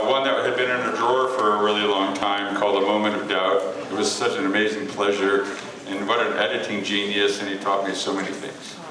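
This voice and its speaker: A man who runs a bookstore hosts a memorial reading, introducing it informally with many fillers and restarts. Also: mid-range voice. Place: bookstore event space with an audience. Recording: echoey, noisy room from a distance.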